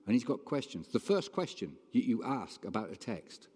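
A man's voice: on the low side, sing-song, normal speed, few pauses, a little mellow, husky. A man preaching a sermon in a conversational, emphatic way, often stopping to ask his listeners questions. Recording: long reverb hall.

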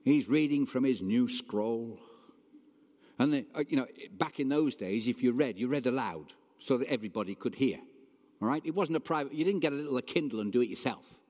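A man's voice: medium pitch, brisk, darkish tone. A man preaching a sermon in a conversational, emphatic way, often stopping to ask his listeners questions. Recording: long reverb hall.

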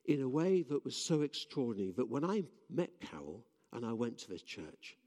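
Speaking at normal speed, a preacher with a medium-pitched, dark, sing-song voice gives a sermon in church. He earnestly tells stories with frequent restarts, and the church hall's long reverb is audible.

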